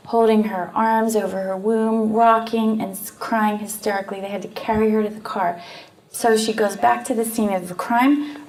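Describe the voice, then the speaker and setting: A woman's voice: mid-range voice, darkish tone. Earnest Canadian woman telling a story. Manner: earnest, explanatory, with frequent fillers. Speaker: guest speaker on post-abortion trauma. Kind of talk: conversational storytelling.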